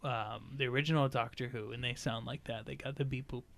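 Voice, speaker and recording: A man's voice: medium pitch, fairly even intonation, fairly quick, creaky, a bit bright. A young man hosting a casual podcast chat, rambling and joking, swearing freely. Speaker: podcast host.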